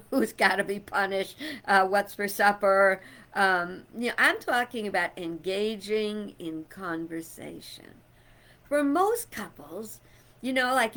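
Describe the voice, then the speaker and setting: Middle-aged woman, casual vlog chat, loud and bright, slow unhurried delivery. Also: medium pitch. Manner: chatty, loud, rambling with fillers and laughs. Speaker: vlogger.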